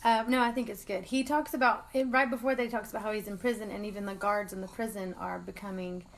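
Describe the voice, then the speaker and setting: A woman's voice: medium pitch, steady tone, fast, rough recording. A woman co-hosting a live Bible study, talking in an earnest way and often breaking into giggles. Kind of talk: casual Bible talk.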